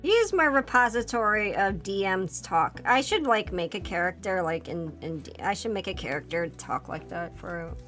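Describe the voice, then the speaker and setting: Woman, Philadelphia accent, casual streamer chat, rambling and quick to laugh. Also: mid-range voice, animated, a bit bright, soft background music. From Pennsylvania, US. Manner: chatty, rambling, laughs often.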